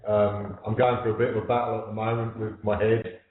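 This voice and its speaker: A man's voice: on the low side, level tone, brisk. A man on a panel discussion, talking in a reflective way and repeating words as he starts. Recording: tinny, echoey phone line with faint hiss.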